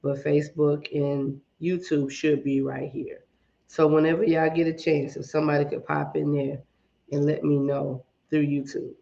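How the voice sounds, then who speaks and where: A woman's voice: sits low, level tone, moderate pace, gravelly, dark tone, lo-fi sound, a little hiss or hum. A woman hosting a casual livestream, chatting with viewers and greeting them one by one, her voice a little shaky. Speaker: livestream host. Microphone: iPad and phone at arm's length.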